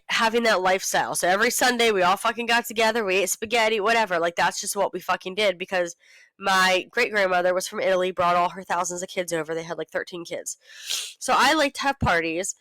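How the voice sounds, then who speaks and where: A woman in her thirties rants animatedly as a podcast co-host, peppering every story with profanity. Her voice sits at an ordinary pitch and is recorded dry and close, with no room sound around it. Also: a little fast, a bit bright, no room sound, poor audio. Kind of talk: casual chat.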